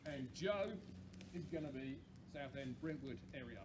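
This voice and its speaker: A man's voice: medium pitch, expressive, background noise. A man, a campsite warden, cheerfully hosting a campfire sing-along outdoors. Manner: cheerful, chatty, quick asides.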